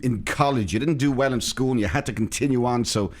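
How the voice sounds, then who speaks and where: A man voicing a snooty valley girl who lectures someone in a slow, condescending drawl. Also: mid-range voice, lightly acted.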